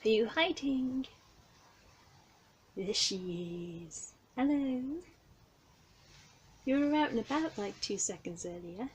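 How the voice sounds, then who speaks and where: A young woman who keeps a cattery, chatting softly to the cats in a gentle, cooing way and often dropping to a whisper. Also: on the high side, expressive, slow, pauses often, slight background noise, low-quality recording. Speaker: cattery keeper. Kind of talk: soft chat to cats. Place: indoor cattery. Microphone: handheld camera. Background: faint purring and cattery ambience.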